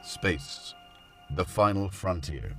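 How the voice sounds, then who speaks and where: Welsh man doing a deep, grand space-show narrator. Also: very animated, slow, loud music behind the voice, heavily acted. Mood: solemn, grand. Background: loud synthesizer playing.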